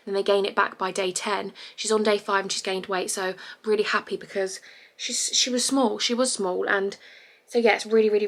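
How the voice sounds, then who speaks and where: A woman's voice: mid-range voice, fairly bright tone. A young woman talking candidly and emotionally to a phone camera at home, rambling with restarts. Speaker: vlogger. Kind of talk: casual confessional vlog. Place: bedroom at home.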